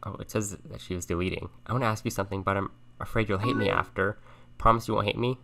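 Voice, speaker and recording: Low, gravelly-voiced young man streaming. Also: steady tone, fast talker, background noise. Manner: thinks aloud, reads on-screen chat messages in a soft conversational voice. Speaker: streamer playing a chat game. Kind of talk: casual let's-play commentary. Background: game music and keyboard typing.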